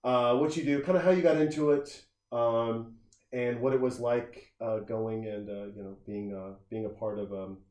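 Brief: casual male podcast host, mid-pitched and rambling, echoey room. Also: steady tone, moderate pace, darkish tone. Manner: rambling storyteller, many restarts and filler words. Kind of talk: casual chat.

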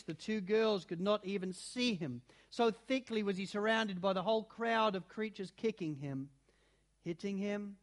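A man reading a children's storybook aloud in an expressive, dramatic way, shifting between loud and hushed passages. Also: high-pitched. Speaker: narrator.

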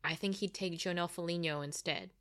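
A woman's voice: lowish voice, steady tone, fast talker, fairly bright tone. A woman co-hosting a soccer podcast, talking through rosters in a casual, analytical way with dry teasing asides. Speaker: podcast co-host.

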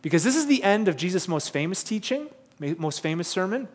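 A man preaches and tells a story with lots of energy, now and then putting questions to the crowd. His voice sits fairly high for a man. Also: very animated, fairly quick. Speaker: pastor. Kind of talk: sermon with a personal story.

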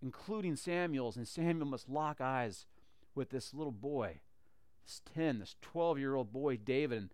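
A man retelling a Bible story in a lively, conversational way, often restarting phrases. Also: mid-range voice, a little slow, clean tone, dry recording.

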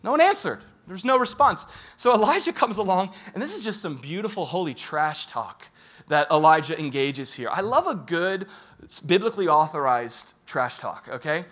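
Animated humorous male preacher. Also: a little high, moderate pace. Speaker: pastor. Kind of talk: sermon.

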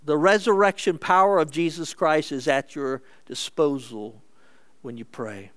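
A man preaching a sermon as pastor, earnest and measured, moving between emphatic lines and hushed ones. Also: fairly high pitch.

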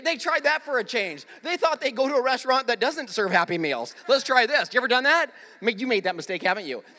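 A man's voice: high-pitched, big-room sound. A man pastor giving a sermon, telling jokes and stories and getting the audience to repeat lines. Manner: animated storytelling with jokes and audience prompts. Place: church auditorium.

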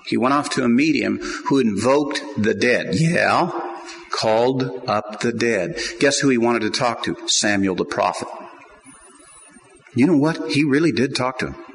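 A middle-aged man preaching a sermon, swinging between quiet asides and loud emphatic points. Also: medium pitch, a little slow, slight background noise, rough recording. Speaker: pastor.

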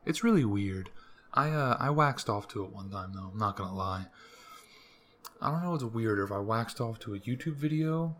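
A man's voice: on the low side, expressive, normal speed, a bit bright. Young guy ranting crude on his podcast, rambling and joking, bit of hiss behind. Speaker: podcast host. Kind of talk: casual solo podcast rant.

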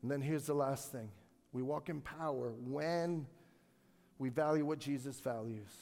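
A pastor preaching a sermon to his congregation, calling for responses and swinging from quiet storytelling to loud, shouted peaks. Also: medium pitch, unhurried, big-room sound. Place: church sanctuary.

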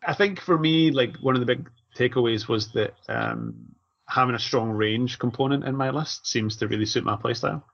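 A man co-hosting a casual podcast chat, relaxed and thinking aloud with lots of fillers. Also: mid-range voice, moderate pace, gravelly. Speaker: podcast co-host and event organizer. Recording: dull lo-fi audio.

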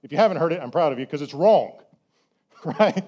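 A pastor preaching a sermon, chatty and full of rhetorical questions, slowing down to stress key words. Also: male voice, on the high side, expressive, mellow, husky, highs cut off.

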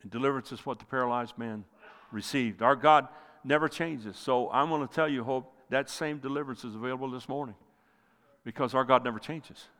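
A male pastor preaching a sermon with passion, rising loud and then dropping to near quiet. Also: brisk. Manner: impassioned preaching, swells loud then drops low. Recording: long hall reverb.

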